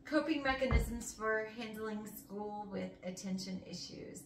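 A woman gently interviewing in a casual home talk, asking encouraging questions. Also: medium pitch, unhurried. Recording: echoey room, distant mic, faint hiss.

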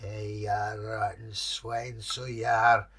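A man's voice: on the low side, flat delivery, slow pace, fairly bright tone, slightly rough, heavily acted. A man voicing a grumbling, put-upon male water-horse spirit with a put-on Scottish accent, whining and complaining.

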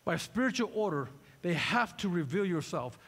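A man's voice: high voice, sing-song, moderate pace, fairly bright tone, husky, long reverb tail. A man pastor preaching a sermon, fervent and full of repeated rhetorical questions.

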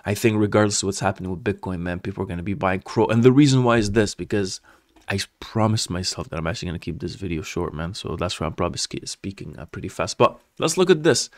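A man's voice: fairly low pitch, no room sound, clean studio sound. A man hosting his own channel, talking casually through price charts with many fillers, restarts and a habit of saying "man". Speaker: crypto channel host. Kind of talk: casual chart analysis talk.

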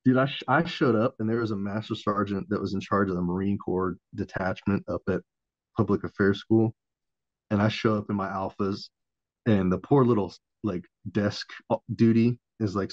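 Guy in his 30s telling war stories, lowish voice, dull lo-fi sound, swears a lot. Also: fairly even intonation, moderate pace, a little mellow, dry recording. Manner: profane, laid-back anecdotal delivery. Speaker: podcast guest, former Marine. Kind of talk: casual storytelling. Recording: dull lo-fi audio.

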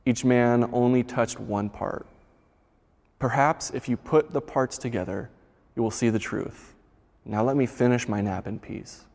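A man voicing a wise, kind old ruler who speaks softly and gently. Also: mid-range voice, unhurried, vocal fry, big-room sound. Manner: soft and gentle.

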